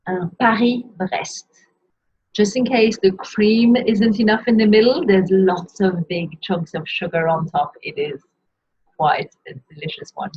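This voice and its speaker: A woman teaching how to pronounce pastry names in a slow, careful lesson, saying each word and repeating it. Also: mid-range voice, darkish tone, husky. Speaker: French teacher. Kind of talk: pronunciation lesson. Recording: dull lo-fi sound.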